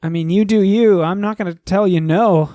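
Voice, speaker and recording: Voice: mid-range voice, normal speed, warm tone, no echo. A tabletop game player talking casually and expressively, laughing often. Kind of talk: casual chat.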